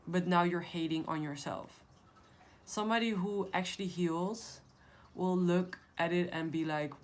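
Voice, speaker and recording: A woman with a somewhat low voice talks straight to her viewers as she reads tarot cards. She is blunt and emphatic and swears freely in a casual tone. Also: fairly even intonation, unhurried. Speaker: tarot reader. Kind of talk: casual tarot reading to camera.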